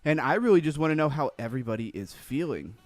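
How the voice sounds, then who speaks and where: A man's voice: a little high, expressive, fast, no room sound, faint music behind. Upbeat man hosting a crypto livestream. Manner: upbeat, reads chat names aloud, rambling. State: a little out of breath after cardio. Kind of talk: casual live-stream chat.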